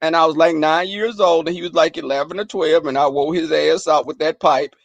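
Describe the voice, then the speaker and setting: Gravelly, profane man telling stories. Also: on the high side, brisk, dry recording, highs cut off. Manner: profane, animated, laughing storyteller. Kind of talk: casual storytelling to a chat.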